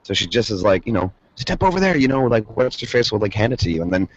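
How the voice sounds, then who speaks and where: A man leaving a rambling, excitable voicemail for a podcast. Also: fairly low pitch, fast talker, husky. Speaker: voicemail caller. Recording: dull lo-fi voicemail audio.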